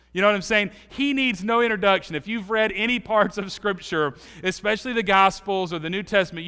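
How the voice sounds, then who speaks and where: A man with a high, bright, smooth voice delivers a sermon in a church. He shifts between loud bursts and near-whispers while playing the people he quotes. The sound carries a long hall reverb. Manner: animated, acts out quoted voices, swings from loud to hushed. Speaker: pastor.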